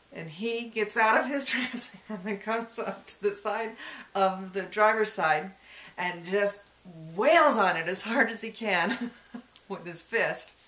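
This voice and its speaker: A woman in casual conversation recounts a story for a folklore interview. She keeps breaking into small chuckles as she tells it. Her voice sits in a middle pitch and carries a noticeable room echo. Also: fairly bright tone. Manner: chuckles often while telling. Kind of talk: casual personal anecdote. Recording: echoey room.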